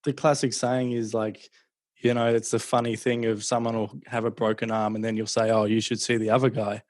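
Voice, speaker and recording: Relaxed man, dry close sound. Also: lowish voice, a little fast, no echo. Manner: relaxed, reflective, offers takeaways. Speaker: podcast host. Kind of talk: casual interview.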